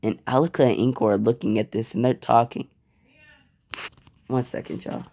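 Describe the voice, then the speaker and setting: A man narrates a homemade fan story in a loose, chatty way, swearing now and then. His voice is mellow and low-key, at a middling pitch. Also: fairly even intonation, moderate pace, gravelly.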